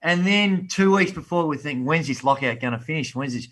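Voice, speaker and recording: An Australian man in his fifties, a podcast guest telling a long story in a relaxed, animated way with local slang. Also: a little high, brisk, noisy background. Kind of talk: casual storytelling.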